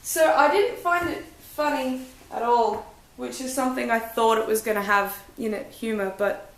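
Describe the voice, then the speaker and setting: A woman's voice: a little high, normal speed, reverberant. A young woman giving a blunt, chatty, self-deprecating book review in a casual vlog. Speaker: book vlogger.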